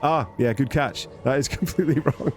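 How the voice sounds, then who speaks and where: A man's voice: medium pitch, fairly quick, slight background noise, close to an everyday voice. A man voicing an overconfident, chirpy chatbot that talks breezily and sure of itself. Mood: breezy. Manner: cheerful, breezily confident.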